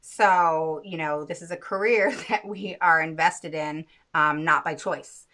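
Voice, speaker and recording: A woman's voice: deep voice, unhurried, bright, forceful tone. A woman hosting an interview and running a course, talking in a chatty way full of fillers. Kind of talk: casual interview.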